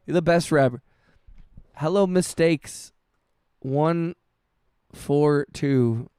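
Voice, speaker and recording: Smooth-voiced man chatting on a livestream. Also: a little high, dark tone, no room sound, studio quality. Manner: halting and heartfelt, with frequent restarts, swearing and "bro" and "dude". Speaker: livestreaming music producer. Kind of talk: casual livestream chat, reading chat messages.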